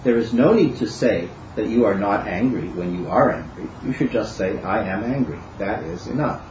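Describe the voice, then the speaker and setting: A man reading a Zen text aloud in a calm, measured way. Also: fairly low pitch, noisy background. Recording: lo-fi, roomy recording.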